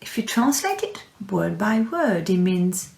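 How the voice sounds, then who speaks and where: A woman teaching French to young children in a recorded lesson, speaking clearly and encouragingly and repeating words for her pupils. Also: medium pitch, sing-song, unhurried, darkish tone. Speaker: primary school French teacher. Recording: echoey room.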